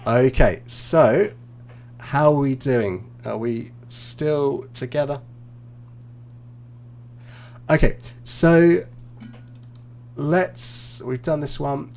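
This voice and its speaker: A man with a gravelly, creaky voice gives a student feedback during a live online lesson. He is relaxed and encouraging and often pauses, restarts and fills gaps with "um" as he explains. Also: mid-range voice. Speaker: IELTS teacher and examiner. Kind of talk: live-streamed feedback after a mock speaking test.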